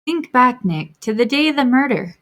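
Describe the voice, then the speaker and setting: A woman voicing an eager, curious young female sidekick, asking lively questions. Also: sits high, normal speed, pitched above the performer's own voice.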